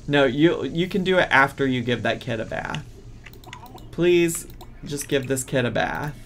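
A man's voice: medium pitch, animated, a little fast, creaky, pushed and bright, a little hiss or hum. A man streaming a life-sim game, ranting in exasperation at the characters on screen. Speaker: gaming streamer. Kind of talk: casual gameplay commentary.

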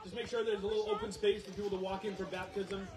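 A man, a pastor, giving quick joking announcements to his congregation outdoors. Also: sits high, little pitch movement. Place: outdoor church service. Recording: far-off roomy mic with loud crowd.

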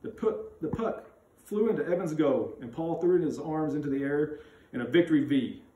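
A man reading a children's chapter book aloud with expressive, animated narration. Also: on the high side, moderate pace, a little hiss or hum. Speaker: school read-aloud reader. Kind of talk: storybook read-aloud. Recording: roomy sound, mic at a distance.

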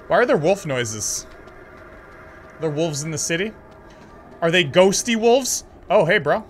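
A man commenting on a horror game as he plays, excitable and joking, talking back to the screen. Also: on the high side, measured pace, long pauses, faint music behind. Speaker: gaming channel host. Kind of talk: let's play commentary.

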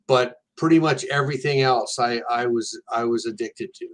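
An earnest man speaks plainly and candidly as a guest, with a mid-pitched voice and a steady, direct delivery. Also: moderate pace. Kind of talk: casual conversation.

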